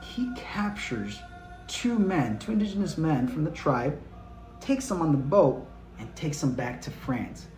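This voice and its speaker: A man's voice: on the high side, very animated, a little slow, a little mellow. A man hosting a history lesson, talking bluntly and casually with slang. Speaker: history channel host. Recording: roomy echo with faint music.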